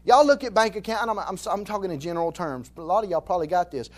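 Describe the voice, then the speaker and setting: High-voiced Southern pastor preaching folksy. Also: male voice, expressive, very fast, few pauses. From Alabama, US. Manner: folksy, joking, repeats phrases for emphasis. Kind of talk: conversational sermon.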